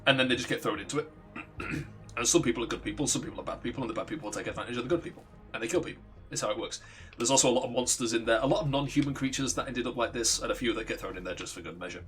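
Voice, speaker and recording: A man's voice: mid-range voice, racing. A young man streaming, casually telling a long backstory, profane and often restarting his sentences. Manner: rambling, profane, self-interrupting. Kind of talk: casual storytelling on a livestream.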